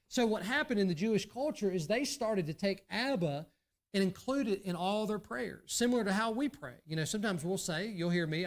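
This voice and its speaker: Southern US male pastor, high voice, earnest sermon delivery that swings from hushed asides to raised emphasis. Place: church sanctuary.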